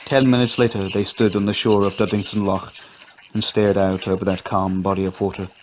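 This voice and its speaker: Low-voiced male storyteller. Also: level tone, a little fast, a little mellow, a little hiss or hum. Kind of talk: scripted narration.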